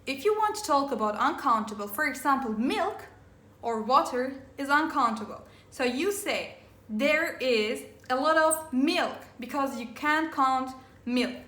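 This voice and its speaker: A woman teacher giving an English grammar lesson, slowly spelling out endings and repeating words for her students. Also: sits high, expressive, bright, forceful tone. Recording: echoey room.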